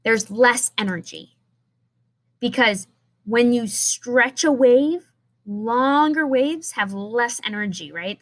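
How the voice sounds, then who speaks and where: Young adult woman teacher, chatty classroom explainer, fairly high voice, talks her way through with fillers and restarts. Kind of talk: recorded science lesson.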